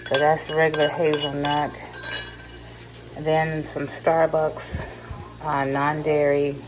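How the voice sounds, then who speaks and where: A woman's voice: low-pitched, monotone, slow pace, over music, low-quality recording. A middle-aged woman from California chatting casually to her vlog viewers, rambling and laughing at herself. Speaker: vlogger. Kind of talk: casual chat to camera. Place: car, then home kitchen. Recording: car noise in background.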